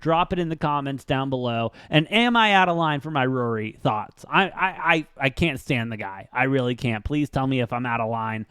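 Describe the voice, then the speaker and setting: Blunt, profane sports-betting host. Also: male voice, medium pitch, normal speed, few pauses, fairly bright tone, smooth, no room sound, studio quality. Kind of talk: casual sports betting chat.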